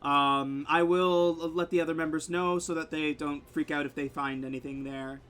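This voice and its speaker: A man's voice: a little high, steady tone, normal speed, fairly bright tone, lightly acted. A man voicing a grateful young male dwarf laborer who stammers nervously in a tabletop game. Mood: earnest.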